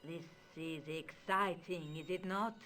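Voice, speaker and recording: An actress voicing a proud, formal countess in a video game, with an imperious, dramatic manner. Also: female voice, on the low side, steady tone, takes it slowly, a bit bright, faint music behind. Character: proud Spanish countess, haughty, bitter, later hopeful.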